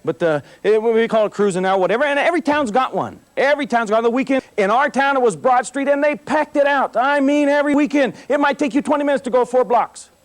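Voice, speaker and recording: A man's voice: very high-pitched, fast, few pauses. A middle-aged man, a police officer, giving a motivational talk to a school assembly and acting out his stories with humor. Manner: animated storyteller, acting out scenes with humor. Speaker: police officer speaking to students.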